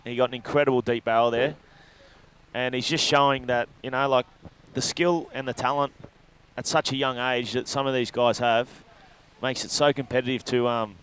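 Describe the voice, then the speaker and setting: A man's voice: mid-range voice, fairly bright tone, clean tone. A man giving loose, rambling live commentary on a surf contest, breaking down each ride. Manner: loose, rambling analysis with fillers.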